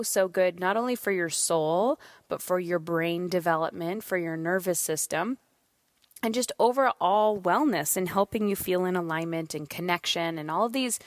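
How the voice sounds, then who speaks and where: Candid, swearing podcast mom, lowish voice. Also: female voice, no room sound, clean studio sound. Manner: candid, swears freely, animated storytelling. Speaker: podcast host. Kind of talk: casual solo monologue.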